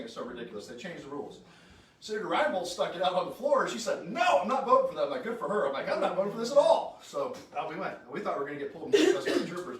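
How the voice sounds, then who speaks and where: A high-voiced man gives a fired-up, joking political speech and keeps throwing questions at the crowd. He stands well back from the mic in a very echoey room. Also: distant mic. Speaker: state senator. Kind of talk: informal political speech to a live audience.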